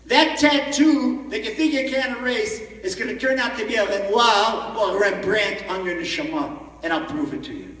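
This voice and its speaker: A man giving an animated storytelling sermon as a rabbi at a conference, recorded from far off in a large echoey hall. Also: high voice, normal speed, hardly any pauses. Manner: animated, acts out the story in voices.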